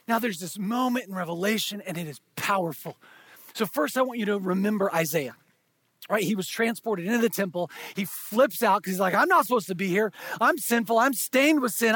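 A male pastor delivering a sermon in a strikingly high, breathy voice. He leans in with quiet, intimate asides, then builds to loud, drawn-out proclamations. The sound is close and dry, with no room echo. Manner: swings from hushed, intimate asides to shouted, drawn-out emphasis.

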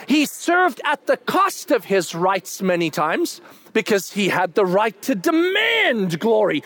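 Speaking a little slowly, a middle-aged pastor with a strikingly high voice delivers an animated sermon. He builds to loud, excited shouts before easing back into straightforward explaining.

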